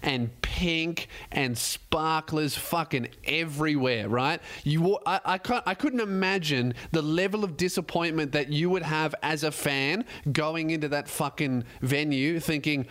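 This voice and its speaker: A man's voice: fairly high pitch, unhurried, a bit bright. A man in his twenties with an Australian accent, a comedian and podcast host telling a profane, self-mocking story as a casual monologue.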